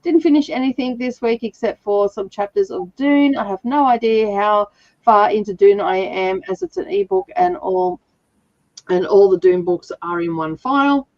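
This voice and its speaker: A woman's voice: medium pitch, lively intonation, moderate pace, a little mellow, no echo. Woman streamer with a sore throat, chatty, laughs a lot, dry dull mic sound. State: sore throat, slightly rough voice. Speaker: livestream reading sprint host. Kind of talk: casual chat.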